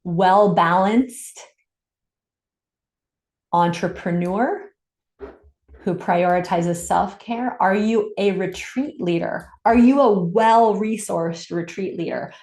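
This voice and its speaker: A woman's voice: lowish voice, moderate pace, vocal fry, few pauses, darkish tone. A woman hosting a live online coaching session, upbeat and encouraging, reading out comments from the chat and affirming them. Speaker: summit host and business coach. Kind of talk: live webinar coaching talk. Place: home in Santa Cruz. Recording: echoey room.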